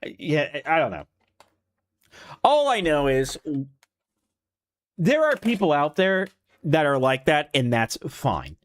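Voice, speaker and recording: A young man rants casually with an animated, swooping delivery that climbs and dips as he tells a story, pitched a bit above most men's. He talks in fits and restarts and swears freely. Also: slow, pauses often. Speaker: streamer. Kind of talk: casual rant.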